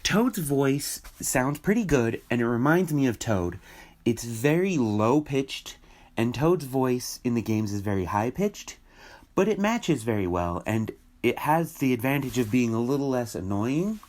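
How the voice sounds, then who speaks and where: A man's voice: mid-range voice, expressive, a little slow, darkish tone. A man giving casual, opinionated commentary on a film trailer, thinking aloud with restarts and fillers. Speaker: video commentator.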